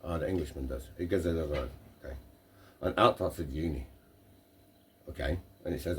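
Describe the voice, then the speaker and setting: Low-voiced man telling a rambling joke. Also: a little fast, pauses often, fairly bright tone, slightly rough. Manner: rambling, with playful back-and-forth interruptions. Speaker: podcast host. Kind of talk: casual banter telling a joke.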